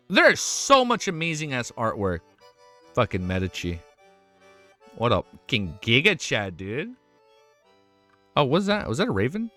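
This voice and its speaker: A man streaming live, reacting to fan art in casual chat, excitable and swearing often with quick exclamations. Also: mid-range voice, soft background music.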